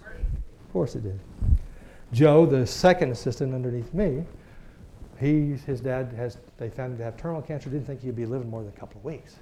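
A middle-aged man from Texas, preaching as a lively storyteller who chuckles often and acts out the people he quotes. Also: mid-range voice, brisk. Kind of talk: sermon testimony storytelling.

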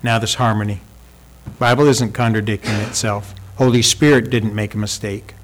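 A man's voice: lowish voice, steady tone, moderate pace, faint music behind, rough recording. Man preaching an emphatic sermon. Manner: emphatic, rhetorical questions, asks congregation for help. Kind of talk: sermon with visual aids.

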